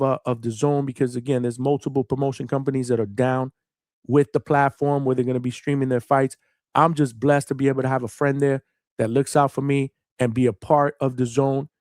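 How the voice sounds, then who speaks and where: A man hosting a live boxing talk stream, signing off in a loose, slangy way with lots of fillers and shout-outs to his viewers. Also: mid-range voice, no echo, studio quality. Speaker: boxing show host. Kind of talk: casual livestream sign-off chat.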